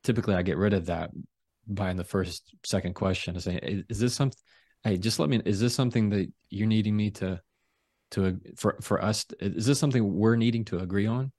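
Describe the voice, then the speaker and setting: A man with a deep voice, a trial lawyer speaking as a guest over a video call, talking slowly, calmly and deliberately. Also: no room sound, studio quality. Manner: slow, calm, deliberate delivery. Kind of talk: casual interview talk.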